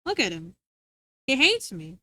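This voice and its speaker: With huge pitch swings and a pushed, bright tone, a woman speaks a little slowly as she chats playfully with her livestream viewers, rambling, stumbling over words, and restarting sentences. She scolds her dog in a high sing-song voice, and the recording is dry.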